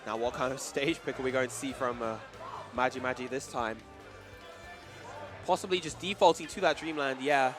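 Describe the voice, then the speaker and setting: A man commentating live on a fighting-game match, excitable and bursting into shouts at big plays. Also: medium pitch, normal speed, long pauses. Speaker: esports commentator. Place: tournament venue with crowd and music. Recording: loud crowd and event music behind.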